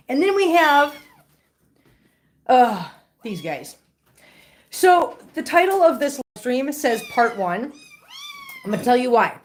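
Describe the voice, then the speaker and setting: Middle-aged lady streaming with her cats, higher voice, gushy baby talk, answers chat. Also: expressive, moderate pace, pauses often. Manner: chatty, coos baby talk at kittens; answers viewer comments aloud. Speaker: livestream host with cats. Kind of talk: casual livestream chat.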